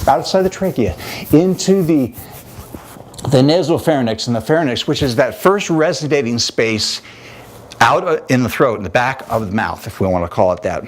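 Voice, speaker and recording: A male vocal coach with a medium-pitched voice teaches in an animated, demonstrative, conversational way, giving instructional talk with vocal demonstrations.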